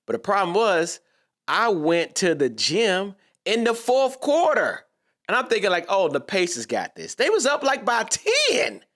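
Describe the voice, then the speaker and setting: A man's voice: high-pitched, huge pitch swings, unhurried, fairly bright tone. A man giving a casual, slangy sports reaction monologue, talking straight to his viewers.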